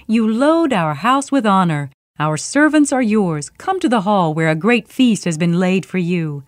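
A woman voicing a ruthless, commanding noble lady in a storybook reading, speaking in a forceful, growling manner. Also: mid-range voice, expressive, unhurried, dry recording, studio quality, natural voice. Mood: gushing.

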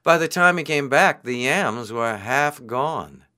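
A man reading a children's folk tale aloud in an expressive, unhurried way. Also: mid-range voice. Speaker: storyteller.

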